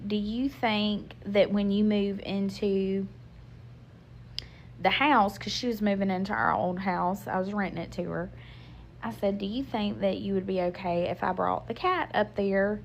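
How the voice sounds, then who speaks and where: Woman, 30s, casual storytime, chatty, acts out quotes, middle pitch, faint hiss. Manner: chatty, acts out quotes, many fillers and restarts.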